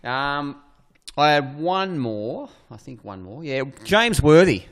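A man's voice: a little high, sing-song, takes it slowly, fairly bright tone. A man co-hosting a casual sports podcast, rambling and playful as he tells stories. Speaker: podcast co-host.

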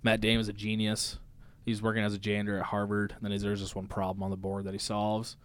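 Low-voiced, blunt, swearing podcast co-host. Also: male voice, completely flat delivery, fast talker, fairly bright tone, clear, resonant tone, dry recording. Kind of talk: casual chat.

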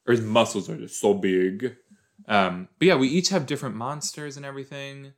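A man's voice: medium pitch, fairly even intonation, moderate pace. Rambling, jokey male podcaster. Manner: rambling, jokey, thinks aloud. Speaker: podcast host. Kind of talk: casual rewatch commentary. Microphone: desk microphone with a cord.

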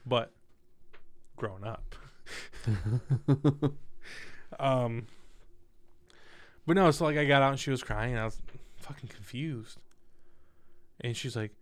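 A young man in conversation, recounting a messy personal story with blunt, swear-heavy candor. His voice sits at an ordinary middle pitch, and he jumps between retelling events and loud asides. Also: slow pace, long pauses. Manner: candid, profane, animated storytelling. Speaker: guest telling a story. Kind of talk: casual storytelling chat.

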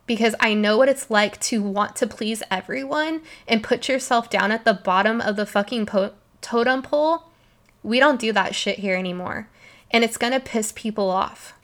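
On her solo podcast, a young female host talks with emphatic emotion and plenty of cursing. Her voice sits at a medium pitch with a touch of brightness, and the talk is passionate throughout.

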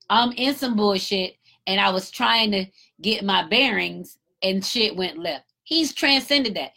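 A woman giving an emphatic, animated casual commentary, a parent talking in her own voice. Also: fairly high pitch, vocal fry. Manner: emphatic, animated storytelling with acted-out quotes.

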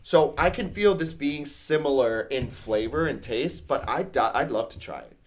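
A man's voice: mid-range voice, normal speed. A man co-hosting a podcast, reading a review aloud in casual chat and apologizing for his pronunciations. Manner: animated, apologetic about pronunciations. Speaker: podcast co-host.

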